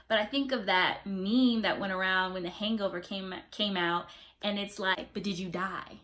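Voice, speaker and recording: A young adult woman vlogging in a casual, expressive way, giving faith-based encouragement with preacher-like emphasis. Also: mid-range voice, normal speed. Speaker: YouTube vlogger.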